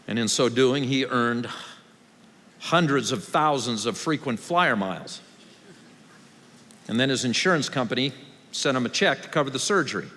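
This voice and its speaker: Man preaching with lively emphasis. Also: medium pitch, moderate pace, long pauses. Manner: conversational, wry preaching that builds to raised emphatic passages. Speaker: pastor. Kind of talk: sermon. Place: large church hall. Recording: long hall reverb.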